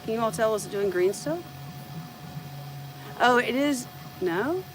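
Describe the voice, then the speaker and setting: A woman's voice: a little high, lively intonation, a little slow, a little hiss or hum, poor audio. A middle-aged woman from the United States with a light Southern accent, chatting casually on a live stream about her printer and thinking aloud as she goes. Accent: light American Southern.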